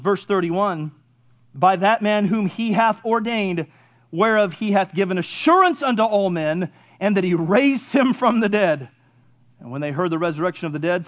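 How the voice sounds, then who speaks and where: Brief: man in his 50s, high-pitched pastor, fervent sermon delivery, soft to loud swings.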